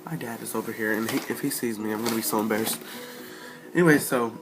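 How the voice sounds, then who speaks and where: A teenage boy telling a storytime vlog rant, profane and animated, acting out the people in his story. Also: lowish voice, fast talker, music in the background. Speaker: vlogger.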